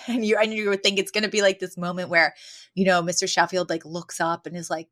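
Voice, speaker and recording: A woman co-hosting a podcast, recapping an episode in casual chat, telling it with lively asides and frequent laughter. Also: lowish voice, a little fast. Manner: animated storytelling, laughs often, acts out quotes. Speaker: podcast co-host.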